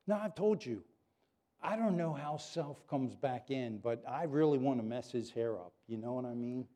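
Here a pastor's sermon moves between lively, heartfelt preaching and moments of gentle prayer. His voice is mid-range and he speaks at a normal speed.

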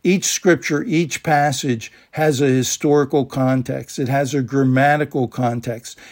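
A man's voice: mid-range voice, steady tone, unhurried, a little mellow. A man preaching a sermon, emphatic and enthusiastic, repeating key words for stress.

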